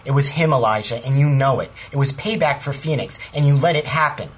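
An actor playing a bitter, sarcastic former paranormal field agent, talking with resentment in an audio drama. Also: male voice, medium pitch, a little fast, husky, lightly acted. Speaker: lead character.

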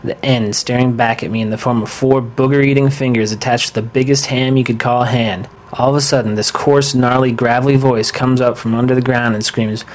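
A laid-back teenage rocker slacker in an audio drama, voiced by a man, easygoing and full of dude and bro. His voice sits at an ordinary middle pitch, relaxed and unhurried. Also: close to an everyday voice. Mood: storytelling.

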